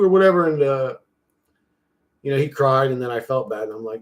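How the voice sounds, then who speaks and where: A man at a middle pitch rambles through casual talk with plenty of swearing. He muses aloud to himself as he clicks through things on screen, loose and unscripted. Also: a little fast, darkish tone. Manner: loose, profane, talks to himself while clicking through an image generator. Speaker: channel host.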